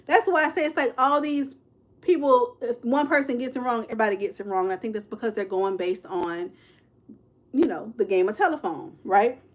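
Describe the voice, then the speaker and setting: A fairly high-pitched woman in her fifties leads a casual true-crime livestream. Addressing the audience directly, she uses words like "y'all," "child" and "honey" and responds to their comments as they arrive.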